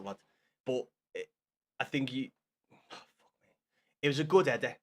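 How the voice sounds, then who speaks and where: A man's voice: mid-range voice, very animated, moderate pace, long pauses. Scouse guy on his stream chatting to chat, swears loads, keeps saying lad and mate, repeats himself. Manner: banter-heavy, swears often, repeats himself, calls viewers lad and mate. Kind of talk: casual live-stream chat with viewers.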